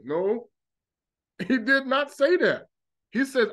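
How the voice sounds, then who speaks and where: A man preaching a fervent monologue, mocking opponents by mimicking them in quick asides. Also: very high voice, big pitch swings, fairly bright tone. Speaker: religious commentator.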